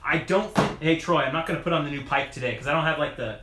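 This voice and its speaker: A man's voice: fairly high pitch, quick pace, background noise. Chatty man in an echoey room. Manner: rambling, lots of "like" and restarts, chuckles often; relaxed and friendly, talking while working on his bike. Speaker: mountain bike video creator answering live chat. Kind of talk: casual live-stream chat.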